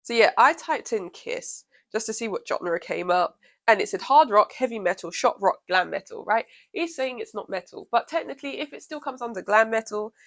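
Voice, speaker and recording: Woman vlogging a storytime, sassy and animated, chatty and lively. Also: medium pitch. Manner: animated, sassy, laughs often. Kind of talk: storytime vlog.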